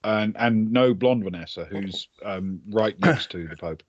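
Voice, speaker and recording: Low-voiced game master, dull dry mic. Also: male voice, no room sound. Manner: measured, descriptive narration. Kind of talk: narrating a tabletop game.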